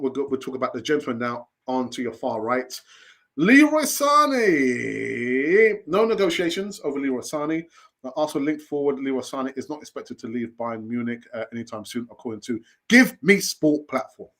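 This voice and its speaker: A man hosting a live football news stream, talking animatedly and repeating his phrases. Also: a little high. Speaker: football channel host.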